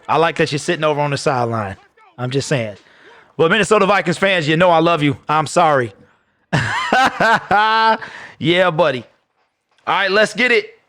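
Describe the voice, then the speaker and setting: A man's voice: fairly high pitch, bright, forceful tone, dry recording. A man hosting a live football watch party stream, chatting casually and joking with viewers. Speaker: sports watch party host.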